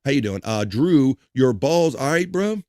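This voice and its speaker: A man's voice: mid-range voice, lively intonation, measured pace, a little mellow, dry recording, studio quality. A man hosting a live stream, reading viewer messages aloud in a casual way with crude jokes and chuckles.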